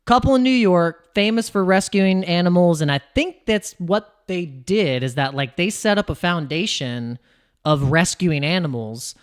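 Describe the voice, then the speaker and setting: Man, american accent, crypto streamer, casual livestream chat, rambling, animated pitch swings. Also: a little slow, clean tone.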